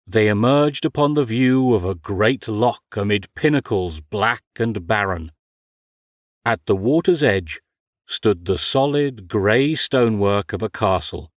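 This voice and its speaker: A man narrating an audiobook in a measured, wry storytelling manner. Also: mid-range voice, dry recording, clean studio sound. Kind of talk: scripted narration.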